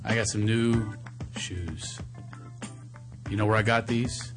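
A man's voice: fairly low pitch, slow pace, over music. A middle-aged man hosting a radio show, teasing his co-hosts in casual banter and reading an ad. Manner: teasing, joking, animated.

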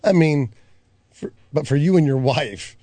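A man hosting a radio show, bantering and joking in a casual, animated way. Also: on the high side, dry recording. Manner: animated, joking, quick to laugh.

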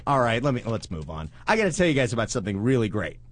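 A man's voice: mid-range voice, rapid-fire. A man co-hosting a radio show, playful and goofy in casual banter and a live ad read. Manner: playful and goofy, swinging between excited and hushed. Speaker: radio co-host.

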